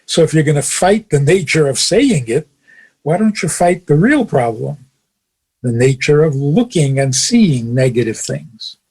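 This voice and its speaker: A man with a fairly high, husky voice gives a radio teaching as a rabbi. He chuckles often as he talks and drives his points home with pointed rhetorical questions. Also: animated, unhurried, a little mellow. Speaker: rabbi and radio show host. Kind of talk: teaching talk on a radio show.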